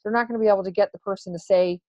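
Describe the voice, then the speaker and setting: A woman's voice: mid-range voice, fairly even intonation, racing, mellow, dry recording. A woman who works as a psychic medium, answering questions in a casual interview, hesitant and full of fillers. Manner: hesitant, many fillers and restarts. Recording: dry, dull lo-fi sound.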